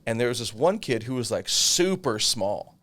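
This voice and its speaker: A man in his thirties telling a long personal story in casual chat, animated and swearing freely. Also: mid-range voice, moderate pace. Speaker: podcast co-host.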